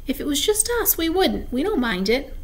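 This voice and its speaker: A woman's voice: high-pitched, very animated, normal speed, pitched above the performer's own voice. A woman voicing an imaginative, theatrical young schoolgirl with a mysterious air. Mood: earnest.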